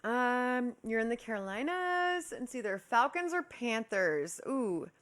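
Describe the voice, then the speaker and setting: A woman's voice: on the high side, very animated, measured pace, fairly bright tone. A young woman from Kansas City hosting a livestream, chatting casually with her viewers, laughing often and greeting them with affectionate nicknames. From Kansas City, USA. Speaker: livestream host.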